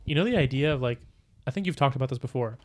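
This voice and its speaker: A man's voice: medium pitch, lively intonation, very fast. A young man chatting casually on a podcast, rambling with lots of restarts and fillers. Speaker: podcast co-host. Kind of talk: casual chat.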